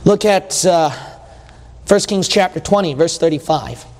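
Guy preaching, chatty, acts out little quotes, high voice, big hall echo. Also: unhurried, darkish tone, slight background noise. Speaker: pastor. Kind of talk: sermon. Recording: long hall reverb.

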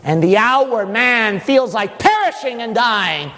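A male preacher delivering an impassioned sermon in dramatic storytelling, rising into shouting. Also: high-pitched, big pitch swings, a little slow. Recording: long hall reverb.

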